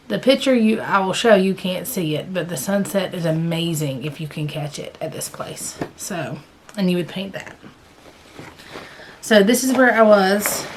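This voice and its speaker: A woman's voice: medium pitch, fairly bright tone, slight background noise. A woman chatting casually about her cross-stitch progress, rambling a little and correcting herself as she goes, sitting in a chair at home. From American South. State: hiccups. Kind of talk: casual chat.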